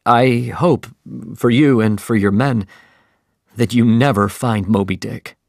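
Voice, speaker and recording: A man's voice: mid-range voice, takes it slowly, dry recording, studio quality. A man voicing a friendly but firm one-armed sea captain in an audiobook.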